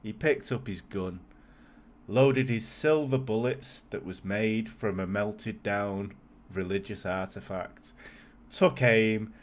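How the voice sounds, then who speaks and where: A man's voice: on the low side, slow. A man, co-hosting a podcast and telling a history story in a loose, jokey way. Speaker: podcast co-host. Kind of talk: casual storytelling chat.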